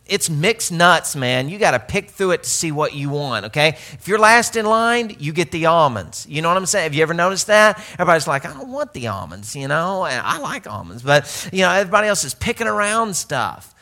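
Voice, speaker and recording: A man's voice: a little high, expressive, brisk, few pauses, bright, forceful tone. A man from Arkansas, telling a humorous, self-mocking story in a sermon, with many restarts.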